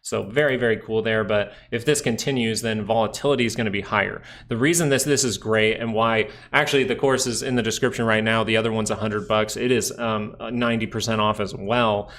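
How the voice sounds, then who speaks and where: Nasal, gravelly man talking stock charts. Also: on the low side, brisk, hardly any pauses. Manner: relaxed, rambling, talks to chat viewers. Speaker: stock market livestream host. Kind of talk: casual live market commentary.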